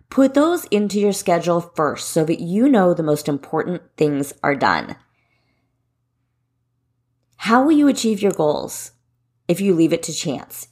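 A woman's voice: on the low side, vocal fry, darkish tone. A woman in her forties hosting a solo podcast, giving running tips in a direct, encouraging way. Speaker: podcast host and running coach.

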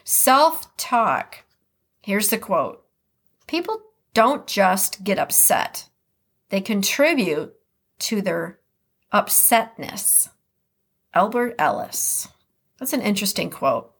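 A woman hosting a solo podcast speaks with an Upper Midwest American accent, keeping her monologue loose and conversational. She reads short passages aloud, then pauses to react and reflect in her own words. Her medium-pitched voice is husky and sing-song, slow, with frequent pauses.

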